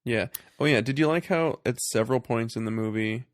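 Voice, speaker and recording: A man co-hosting a casual movie review podcast, sarcastic and quick to laugh. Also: mid-range voice, dry recording, studio quality. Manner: sarcastic, laughs often, breaks into mocking impressions. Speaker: podcast co-host.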